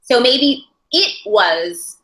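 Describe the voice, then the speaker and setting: Very slowly and thoughtfully, a woman who instructs ASL interpreting talks her class through the material, hunting for words and frequently starting over. Her voice is on the high side, fairly bright, with big pitch swings, recorded in an echoey room.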